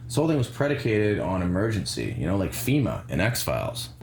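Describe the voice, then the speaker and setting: A man giving sarcastic, rambling commentary, animated and fond of mimicking voices. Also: low voice, fairly quick, roomy sound, music in the background. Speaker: commentary vlogger.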